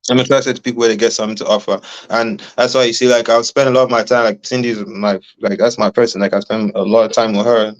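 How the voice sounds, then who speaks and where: A man's voice: lowish voice, level tone, quick pace, few pauses, muffled recording. A man from Cameroon chatting casually as an interview guest, loose and rambling, full of fillers.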